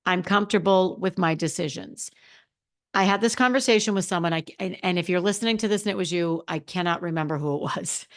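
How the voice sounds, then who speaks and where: A woman's voice: on the low side, brisk. A woman hosting a solo podcast as a confidence coach, talking emphatically with lots of repeated phrases and restarts. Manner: self-described extrovert, expressive.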